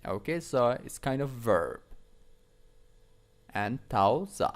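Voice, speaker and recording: Slow, lively-voiced English teacher drilling words. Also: male voice, medium pitch. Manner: repeats words slowly to drill pronunciation. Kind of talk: English lesson for schoolchildren.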